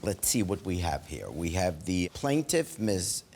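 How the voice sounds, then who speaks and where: An older man presiding as judge on a television court show, asking questions in a calm, measured way. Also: deep voice, a little hiss or hum.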